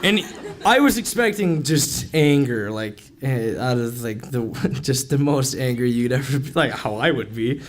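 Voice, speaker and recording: A young man telling a comic story on stage at a live event, animated, laughing often and filling his talk with "like". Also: mid-range voice, normal speed. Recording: noisy live event recording.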